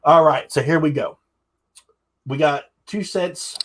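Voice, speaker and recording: A man's voice: on the high side, fairly even intonation, moderate pace, fairly bright tone, slight background noise. A young adult man hosting a casual livestream, joking with guests and showing products. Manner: chatty, joking, shows products. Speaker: livestream host.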